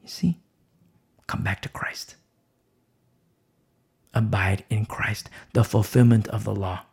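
A man preaching a sermon, emphatic and repetitive, asking rhetorical questions and swinging from loud emphasis down to a hushed voice. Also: lowish voice, fairly even intonation, takes it slowly, vocal fry, breathy edge.

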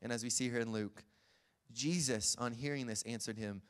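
A man preaching a sermon, retelling scenes in a lively, chuckling way. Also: mid-range voice, normal speed. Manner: lively storytelling, acts out scenes, chuckles often.

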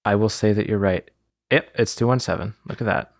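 A man's voice: fairly low pitch, fairly quick, dry recording. Laughing, joking man, dry sound. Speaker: podcast host. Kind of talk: casual chat. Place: room, recorded in person with co-hosts.

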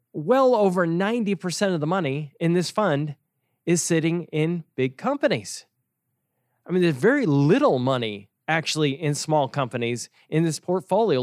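A man's voice: high-pitched, no room sound, studio quality. A man hosting a talk show, explaining investing in a casual, conversational way, with sarcastic asides and frequent chuckles. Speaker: podcast host and financial educator.

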